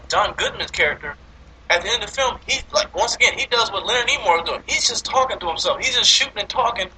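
Brief: high, very bright male voice, animated swooping delivery, casual profane movie rant, faint background noise. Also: poor audio. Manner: animated, profane, laughing often. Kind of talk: casual movie review chat.

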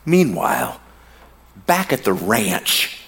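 A man's voice: lowish voice, creaky. A man preaching a sermon in a storytelling way, drawing out words for emphasis and slipping into casual slang with the congregation. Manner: animated storytelling with slow, drawn-out pauses for emphasis. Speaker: pastor.

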